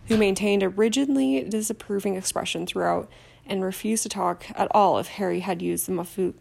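Woman audiobook narrator, steady read, gravelly voice, trips on words sometimes. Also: medium pitch. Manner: steady narration with occasional stumbles. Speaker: audiobook reader. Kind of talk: amateur audiobook reading.

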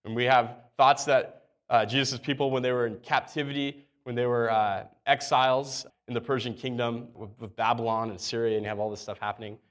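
A man preaching a sermon in a relaxed, conversational way, reading scripture aloud and repeating key words. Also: mid-range voice, brisk, few pauses. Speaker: pastor.

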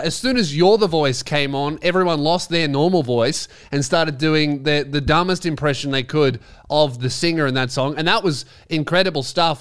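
A man's voice: a little high, fairly bright tone, smooth. An Australian man hosting a podcast, rambling through a casual comedic monologue with sardonic, self-mocking jokes. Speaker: podcast host.

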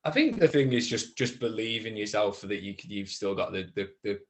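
A man's voice: on the low side, expressive. A man, an actor chatting casually as a guest, full of restarts that build into emphatic advice. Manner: halting, many restarts, gets emphatic giving advice. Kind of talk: casual chat.

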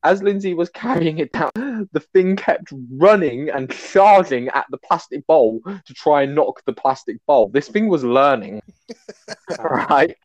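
A man with a fairly high voice tells a casual, animated story on a podcast. He laughs often as he talks. The sound is dry and a little dull, with a lo-fi edge. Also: unhurried, no echo. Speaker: podcast co-host.

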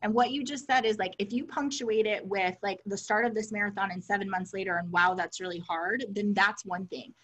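A woman's voice: medium pitch, steady tone, fairly quick, hardly any pauses, fairly bright tone. A woman co-hosting a casual chat, effusive and affectionate, with frequent "like" and "um" fillers. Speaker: podcast co-host.

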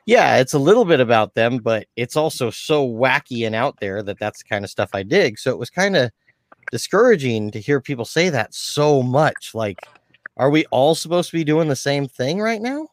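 A man's voice: medium pitch, big pitch swings, normal speed, no room sound, studio quality. A man chatting casually about comedy, thoughtful and rambling. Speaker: aspiring comedian. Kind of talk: casual chat.

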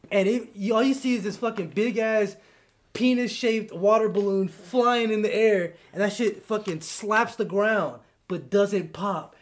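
A young man on a podcast, casually telling animated stories and acting out the voices of friends. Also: high voice, measured pace. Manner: animated storyteller, acts out quotes, laughs a lot. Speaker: podcast co-host. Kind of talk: casual chat.

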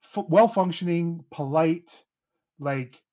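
A man's voice: fairly high pitch, slow, warm tone, muffled recording. Rambling father chatting on a podcast. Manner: rambling, many restarts and fillers. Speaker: podcast host. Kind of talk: casual chat.

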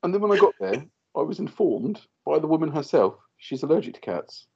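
A man in his thirties chats on a podcast and tells stories with lots of energy, slipping into other people's voices as he goes. His voice sits a little high, swings widely in pitch and has a husky edge. The recording sounds slightly dull. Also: fairly quick. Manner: animated storyteller, acts out quoted voices. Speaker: podcast co-host. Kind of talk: casual chat.

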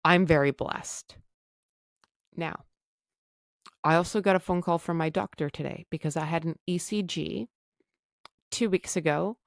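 This podcast host, a woman from Canada, speaks low and a bit slowly, with a creaky edge and long pauses. She recounts her own recovery candidly and conversationally, sprinkling in self-deprecating remarks, and the close, dry recording carries no room sound.

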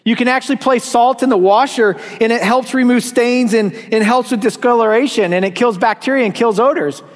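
A man's voice: very high voice, fairly quick. A man preaching a sermon as pastor, earnest and emphatic, repeating words for stress and dropping in light self-mocking asides. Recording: long reverb in a church hall.

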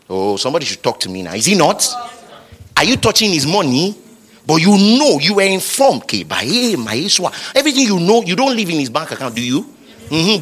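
A man with a Nigerian accent preaching a sermon, building repeated lines up to shouts. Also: medium pitch, a little hiss or hum. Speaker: pastor.

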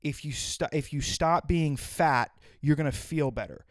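A man's voice: fairly high pitch, a little slow, no echo, studio quality, lightly acted. A man playing a blunt, unemotional doctor who speaks curtly and insults the patient. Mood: scornful. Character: harsh, blunt, cold male doctor.

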